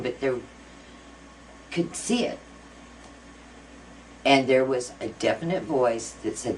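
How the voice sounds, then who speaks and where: A woman's voice: rumbling low, slight background noise. A middle-aged woman being interviewed, earnestly telling a personal ghost story with many fillers. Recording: voice a bit far from mic, faint music.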